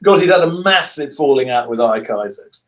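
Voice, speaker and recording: An older man, a guitarist, telling long, rambling stories in a relaxed interview and acting out the voices of people he quotes. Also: medium pitch, normal speed. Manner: rambling storyteller who acts out quoted voices. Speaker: guitarist guest.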